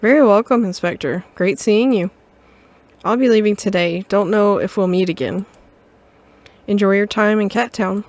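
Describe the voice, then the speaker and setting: A woman's voice: mid-range voice, normal speed, dry recording, natural voice. A woman voicing a polite, composed male detective in a video game. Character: calm male cat detective from far away.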